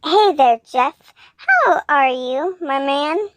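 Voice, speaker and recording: A gushing, cheery gentleman monster, as a woman puts him on. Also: high voice, expressive, normal speed, no echo. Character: happy, sappy, polite male monster in a polka-dot suit. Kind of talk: fanfiction reading.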